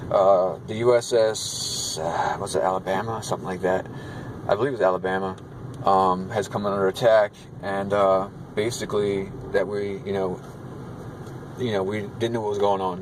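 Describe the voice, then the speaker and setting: A man with a fairly low voice talks loosely and rambles, with lots of ums and restarts. Steady noise from a car or the street sits clearly under his voice. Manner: rambling, many fillers and restarts. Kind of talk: casual spoken recount of a vision.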